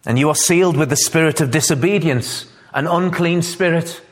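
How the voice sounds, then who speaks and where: A man's voice: a little high, moderate pace, big-room sound. A man preaching a sermon, earnest and rising to fervent, emphatic peaks.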